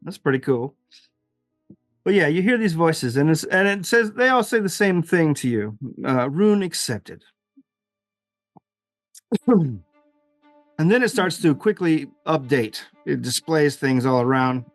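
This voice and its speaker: A man's voice: on the high side, animated, measured pace, no room sound, soft background music. A man narrating as game master of a tabletop game, rambling with fillers and frequent laughs.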